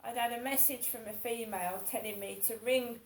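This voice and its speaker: A woman's voice: fairly high pitch, fairly even intonation, fairly quick, reverberant, slight background noise, poor audio. A woman in her fifties talking in a casual monologue, rambling and repeating herself in an aggrieved way. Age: 50s. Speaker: vlogger.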